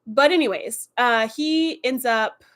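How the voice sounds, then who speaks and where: A woman hosting a live stream, giving a chatty, animated episode recap with lots of "like" and "you know.". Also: fairly high pitch, slow.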